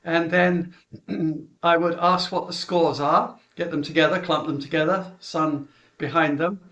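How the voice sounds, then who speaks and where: A man's voice: on the high side, steady tone, a little slow, a bit bright, highs cut off. A middle-aged British man, a golf coach, chattily recounting how he runs his junior lessons, with chuckles and filler words. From Britain.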